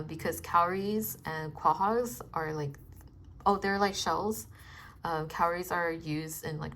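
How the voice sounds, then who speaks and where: A woman artist chatting casually about her design process, soft-spoken and hesitant, with many fillers. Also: sits low, a little hiss or hum. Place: home in Los Angeles.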